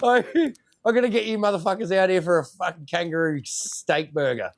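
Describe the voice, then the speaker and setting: A man with an Australian accent co-hosting a podcast, bantering loudly with lots of laughter and swearing. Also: high voice, normal speed. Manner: laughing, profane, teasing. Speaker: co-host.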